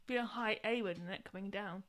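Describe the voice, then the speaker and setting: A woman's voice: medium pitch, fairly quick, a bit bright. A woman co-hosting a casual live stream, teasing and encouraging her partner. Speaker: co-host of a live show.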